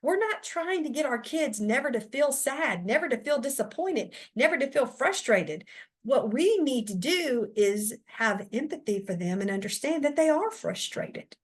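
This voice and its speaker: A woman who trains teachers, giving a chatty, animated lesson talk and speaking straight to her listeners. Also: sits high, moderate pace, husky.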